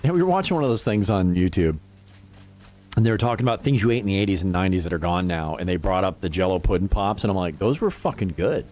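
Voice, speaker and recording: A man's voice: sits low, fast, a little mellow. A man streaming a game and chatting casually with his viewers, rambling and swearing freely. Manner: profane, rambling, laughs often. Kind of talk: casual livestream chat while gaming.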